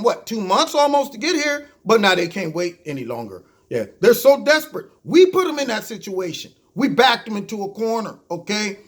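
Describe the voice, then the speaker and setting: High, lively man ranting as a host. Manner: animated, mocking, talks to listeners as "y'all". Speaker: show host. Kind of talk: ranting political commentary.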